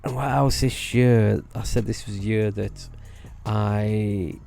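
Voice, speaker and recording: A man's voice: lowish voice, steady tone, takes it slowly, creaky, mellow, faint music behind. A man telling rambling casual stories about his old theme park job, restarting phrases and laughing at himself. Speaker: vlogger recalling theme park work.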